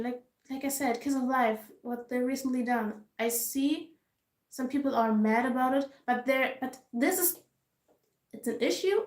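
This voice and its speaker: A woman's voice: high-pitched, darkish tone. A woman vlogger giving casual ranting commentary, frustrated and emphatic, repeating herself for stress. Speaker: K-pop vlogger. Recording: roomy echo.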